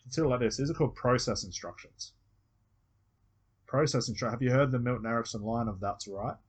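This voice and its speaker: A man's voice: medium pitch, fairly quick, breathy edge. A man with an Australian accent coaching a student one on one, patiently explaining step by step and acting out example phrases. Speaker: hypnosis coach.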